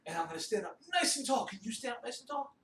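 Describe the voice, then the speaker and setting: Upbeat male kids' music teacher with a lively, bouncing delivery, heard from a distance in a roomy, echoing space. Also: very high voice, quick pace. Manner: animated, sing-song directions. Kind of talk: children's music lesson. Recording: roomy echo, distant mic, faint noise.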